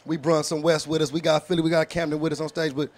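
A man telling an animated, profane story in casual slangy street talk as a guest, often asking "you know what I'm saying". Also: a little high, fast. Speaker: battle rapper.

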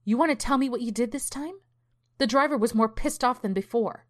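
A woman voicing an angry, frightened middle-aged mother who is sharp and demanding in a horror story. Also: a little high, brisk, pitched above the performer's own voice, lightly acted. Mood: scolding. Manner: sharp, demanding, later pleading.

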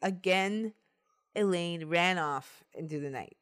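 A woman's voice: on the low side, slow pace, a bit bright. A woman hosting a podcast, casually retelling a true-crime case, laughing often and swearing. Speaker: podcast host telling the case.

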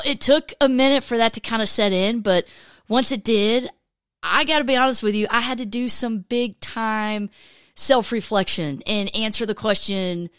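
A woman's voice: mid-range voice, no echo. Woman, late forties, podcast host, chatty, laughing, dry close sound. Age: 40s. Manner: chatty, laughs often, animated storytelling. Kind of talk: casual faith podcast chat.

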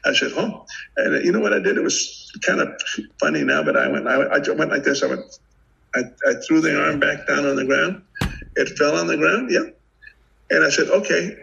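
Gravelly older man telling a war story. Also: fairly high pitch, moderate pace. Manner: vivid, animated retelling with many restarts. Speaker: podcast guest, retired FBI agent. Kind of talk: casual storytelling interview. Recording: dull lo-fi audio.

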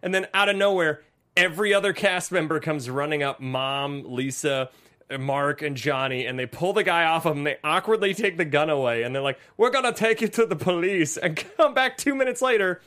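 A man's voice: fairly high pitch, animated, moderate pace, bright, forceful tone. A young man co-hosting a casual movie-review chat, rambling and profane, often breaking into laughter. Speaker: podcast co-host.

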